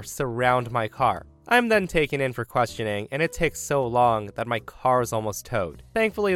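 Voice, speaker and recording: A man's voice: mid-range voice, fairly bright tone, clean tone. A man reading a story aloud, telling it with energy and acting out his own panicked lines. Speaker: story narrator.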